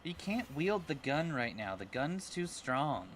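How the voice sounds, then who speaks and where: Man, streamer, casual let's-play commentary, crude jokes, mock-disgusted squeals, lively pitch. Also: a little slow, slight background noise.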